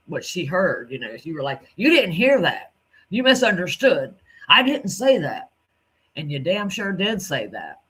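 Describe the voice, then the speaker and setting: Guy ranting over clips, kinda high bright voice, calls people out, swears a lot. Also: slightly rough. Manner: indignant, cursing, addresses the subject directly. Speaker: commentator reacting to clips. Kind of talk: angry reaction commentary.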